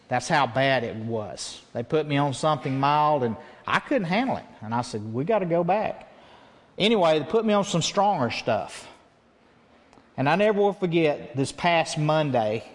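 An earnest male pastor preaching from the pulpit, his voice sitting somewhat high for a man. He acts out his own prayers as he tells the story, and a long church reverb trails after every word. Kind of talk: sermon.

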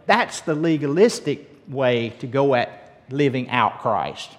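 A man preaching a relaxed, story-driven sermon as a pastor. He asks the congregation questions and often restarts his sentences. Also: medium pitch, measured pace. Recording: long hall reverb.

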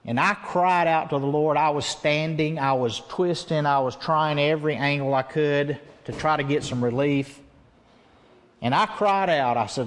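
Preacher guy, kinda high voice, earnest, big echoey church. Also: moderate pace. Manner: earnest preaching, acts out his own prayers. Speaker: pastor. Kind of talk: sermon.

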